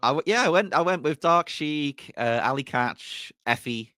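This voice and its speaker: A man from the United Kingdom, a guest on a casual podcast, chatty and playful and quick to laugh. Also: a little high, animated, sharp tone, dry recording, studio quality. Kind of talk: casual chat.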